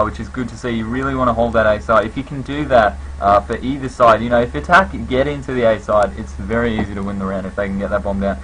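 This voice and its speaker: A man's voice: fairly low pitch, fairly bright tone, a little hiss or hum, low-quality recording. A man giving casual live play-by-play commentary on a competitive shooter match, with lots of fillers. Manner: casual, filler-heavy, conversational. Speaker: esports commentator.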